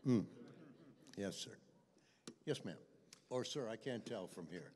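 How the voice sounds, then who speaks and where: In an echoey convention panel room, an older voice actor guest tells anecdotes during a fan Q&A. He speaks a little slowly in a lowish, darkish, expressive voice, chatting in a self-deprecating manner with chuckles.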